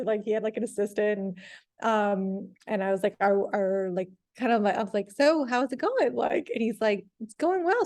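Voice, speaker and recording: A woman in her thirties, a TV reporter telling her career story in a casual interview, rambling with lots of "like" and lively retellings. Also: mid-range voice. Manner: rambling, heavy use of "like", animated retelling. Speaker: TV sports reporter, guest.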